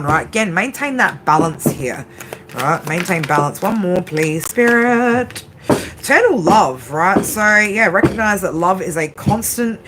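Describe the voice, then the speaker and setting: A woman with a fairly low voice gives a casual, tired late-night tarot reading. She talks loosely, swears without a second thought and keeps checking in with "right?". A steady hiss of noise sits under the recording. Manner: chatty, swears freely, ends phrases with "right?". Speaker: tarot reader.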